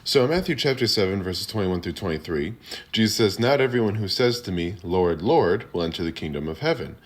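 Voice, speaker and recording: Deep-voiced man explaining scripture. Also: lively intonation, a little fast. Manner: earnest, teacherly, with fillers like "um" and "like". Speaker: Christian apologetics video host. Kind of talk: casual explanatory talk to camera.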